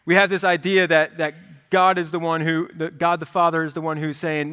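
A man preaching a sermon as pastor, in a conversational, animated style. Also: on the high side, fairly quick, smooth. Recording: reverberant hall.

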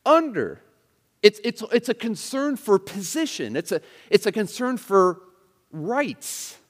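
Lively expressive male preacher in a hall. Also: sits high, measured pace. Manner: expressive, acts out quoted attitudes, conversational asides. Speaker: pastor. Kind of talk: sermon.

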